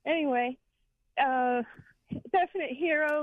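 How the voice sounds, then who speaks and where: A woman's voice: a little high, fairly even intonation, measured pace, no echo. A woman calling in to a radio show from Florida, a little out of breath, earnest and hesitant. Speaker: caller. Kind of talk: call-in radio chat. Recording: tinny phone line.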